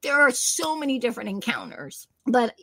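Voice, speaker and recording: A middle-aged woman from New Jersey, a guest telling animated stories in a conversation and acting out quoted voices. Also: on the high side, moderate pace, vocal fry, dry recording. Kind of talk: storytelling in a conversation.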